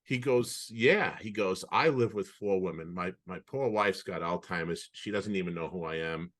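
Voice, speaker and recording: A man with a bright, forceful voice co-hosts a casual podcast over a video call. He spins animated anecdotes, often stopping and restarting mid-sentence as he goes. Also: deep voice, moderate pace. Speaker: podcast co-host. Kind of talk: casual storytelling chat.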